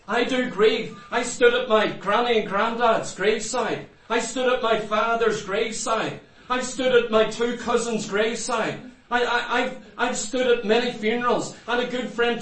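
A man preaching a sermon to a congregation, fervent and full of repeated rhetorical questions to the people in front of him. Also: very high-pitched. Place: church. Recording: echoey room, mic far off.

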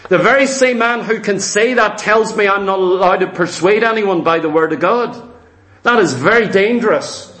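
A man's voice: high voice, normal speed, fairly bright tone, reverberant. A man preaching a sermon, speaking earnestly and with emphasis to his congregation.

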